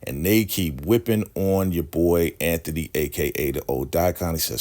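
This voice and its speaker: A man's voice: low voice, moderate pace, few pauses, a little mellow. A man recapping a TV drama episode in a chatty way, often tagging his points with "right?". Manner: chatty, keeps asking "right?", acts out quotes. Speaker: show recapper.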